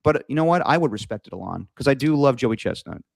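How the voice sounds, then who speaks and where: A man's voice: mid-range voice, animated, fast talker, creaky, darkish tone, dry recording. Rambling, casual sports podcast guy. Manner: rambling, lots of "like" and restarts. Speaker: podcast co-host.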